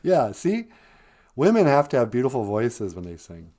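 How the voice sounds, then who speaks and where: A man's voice: mid-range voice, sing-song, a little fast, a little mellow. A man hosting a casual comedic chat, rambling and joking with strong opinions. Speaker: podcast host.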